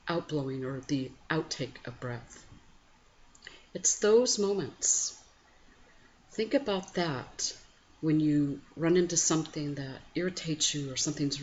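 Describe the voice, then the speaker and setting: Low-voiced woman in a gentle, reflective talk. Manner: slow, gentle, pausing, with sudden lively rises. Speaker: host of a spiritual morning program. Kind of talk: reflective guided meditation talk. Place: home at night. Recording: slightly muffled home recording with faint background noise.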